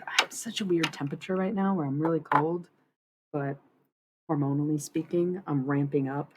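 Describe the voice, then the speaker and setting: Young woman streamer, low voice, drifting casual talk, faint hiss behind. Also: creaky, rough recording. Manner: dreamy, meandering, laughs often. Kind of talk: casual livestream chat about channeling.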